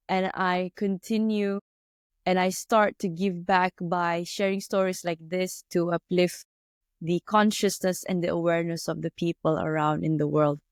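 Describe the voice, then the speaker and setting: A woman's voice: fairly low pitch, clean tone, no echo, studio quality. A woman hosting a podcast, wrapping up an interview with effusive praise and an inspirational sign-off. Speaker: podcast host.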